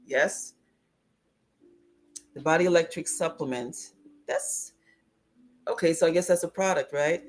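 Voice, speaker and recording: Her voice sits low, and she speaks at a measured pace with frequent pauses while giving a livestream talk as a spiritual teacher. Reflective and quick to laugh, she voices inner dialogue and greets viewers as she reads their comments.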